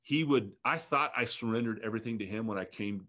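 A man in his fifties with a fairly low voice shares his personal story in an interview. He speaks earnestly and reflectively. He often halts and restarts his sentences. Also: fast talker, bright, forceful tone. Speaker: ministry leader guest.

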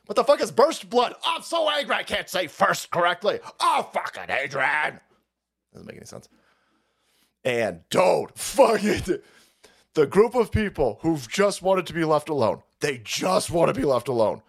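A man hosting a live stream, delivering a crude, heated rant that swings into loud outbursts and laughter. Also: high voice, very animated, a little slow, vocal fry. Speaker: show host.

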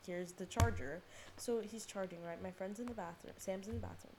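A woman's voice: fairly low pitch, steady tone, fairly quick, darkish tone, a little hiss or hum. A teenage girl hosting a podcast, telling a rambling story with lots of fillers and swearing. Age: teens. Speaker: podcast host. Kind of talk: casual storytelling monologue.

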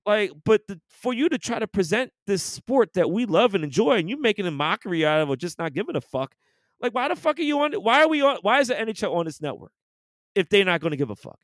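A man's voice: high-pitched, sing-song, fast, fairly bright tone, no echo, studio quality. A man co-hosting a podcast, ranting in casual, profane sports chat. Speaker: podcast co-host.

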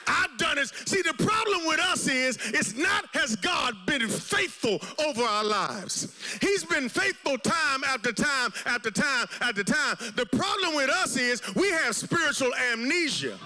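A male pastor delivering a fiery sermon in a very high, piercingly bright voice. He drives his points home with rhythmic repetition, then drops into hushed, low passages before climbing back to a shout. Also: animated, a little slow, hardly any pauses, faint music behind. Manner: impassioned preaching, swinging from shouts to hushed low tones.

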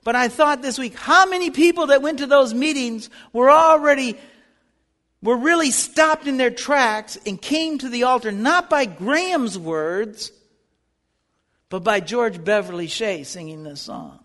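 A man's voice: extremely high pitch, expressive, a little slow, fairly bright tone. A man teaching a Bible lesson in sermon style, earnest and building to fervent appeals. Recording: long reverb of a hall.

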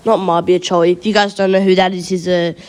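A man's voice: high-pitched, flat delivery, fairly quick, clear, resonant tone. A fifteen-year-old Australian boy co-hosting a casual podcast, telling stories animatedly and swearing freely. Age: teens. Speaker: podcast co-host. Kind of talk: casual chat.

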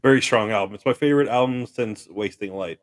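Low-voiced man tossing out profane quips. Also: a little fast, no room sound, studio quality. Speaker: podcast co-host. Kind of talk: casual podcast chat.

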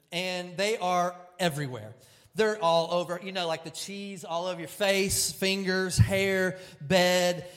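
High-voiced pastor telling a story. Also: male voice. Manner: animated, self-deprecating, swings from loud to hushed. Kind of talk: sermon storytelling.

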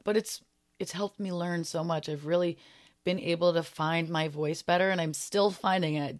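A young woman hosting her own podcast, talking in an earnest, heartfelt way as she reflects on her year. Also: on the low side. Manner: earnest and heartfelt, a little emotional at times. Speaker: podcast host. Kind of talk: reflective solo podcast talk.

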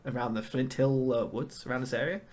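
A man's voice: medium pitch, fairly even intonation, fairly quick, a little mellow, a little hiss or hum. A man narrating as game master in a casual, hesitant way with many fillers.

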